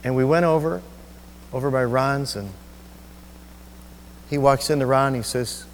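A male pastor preaching a sermon, telling a personal story in an emotional, halting way with many restarts. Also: medium pitch, long reverb tail, a little hiss or hum. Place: church sanctuary.

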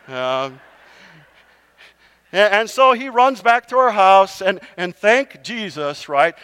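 A man's voice: on the high side, smooth, long reverb tail. A middle-aged male pastor telling a funny, self-mocking story in a sermon, often checking in with "right?". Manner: animated, self-mocking, talks to the crowd with repeated "right?".

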